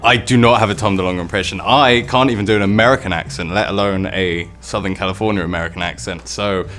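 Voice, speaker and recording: A man's voice: low-pitched, fairly even intonation, fast, a bit bright, soft background music. A man in a band giving blunt, opinionated answers in a casual interview.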